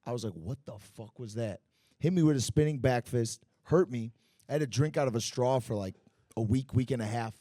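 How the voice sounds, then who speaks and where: This is a Muay Thai fighter, male and medium-pitched, sharing tales in a relaxed bar-and-grill podcast interview at a slightly fast clip. His delivery is animated, profane and riddled with fillers. The sound is studio quality with no room sound.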